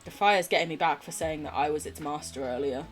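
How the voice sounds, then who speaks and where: Soft background music plays as a woman from England, with a posh southern accent and a low voice, chats a little fast while streaming a game. She's giggly and sweary throughout.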